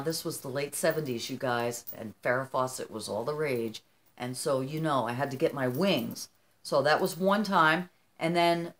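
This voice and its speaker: A talkative grandmother in her fifties with a somewhat low voice chats casually to camera from her home. She is animated and personal, often turning to her viewers with "you guys" and "okay?". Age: 50s. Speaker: vlogger.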